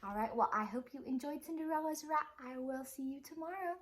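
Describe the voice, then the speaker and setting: A woman's voice: sits high, brisk. A woman teacher reading a children's picture book aloud with dramatic expression.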